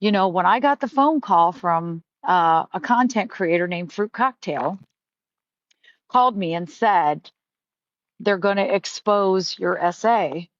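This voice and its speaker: A woman's voice: medium pitch, expressive, slow, no room sound, muffled recording. A middle-aged woman hosting a live stream, talking candidly in a rambling way, with frequent swearing and restarts. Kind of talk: casual live-stream chat.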